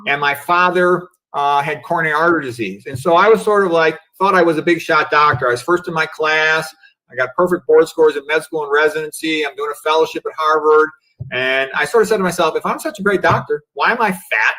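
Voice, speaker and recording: A man's voice: a little high, fairly quick, bright, forceful tone, low-quality recording. A middle-aged man, a physician guest on a remote video call, talking in a reflective, philosophical way and often saying "you know" and "okay". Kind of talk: casual livestream interview.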